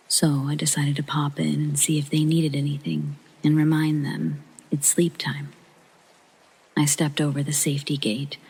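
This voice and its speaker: A channel host reading a true scary story aloud in a hushed sleep-story narration, often half-whispered, with a gravelly, husky voice. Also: mid-range voice, poor audio.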